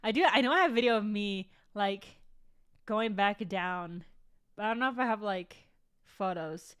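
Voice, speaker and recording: A woman's voice: medium pitch, moderate pace, fairly bright tone, clean tone. A young woman vlogging in casual chat to her viewers, rambling and swearing freely.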